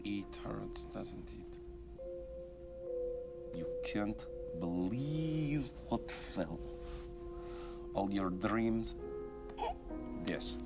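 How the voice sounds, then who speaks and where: An actor playing a cool male poker player who taunts his rival slowly, heard in a film clip. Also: expressive, creaky, exaggerated voice. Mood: taunting. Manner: low, slow, taunting. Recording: quiet film clip with loud music.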